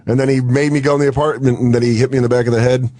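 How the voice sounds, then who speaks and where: Brief: young American man, lively storyteller, close dry studio sound. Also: medium pitch, racing, no echo. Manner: animated storyteller, acts out quotes, laughs often. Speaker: comedian guest. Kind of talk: casual radio show chat.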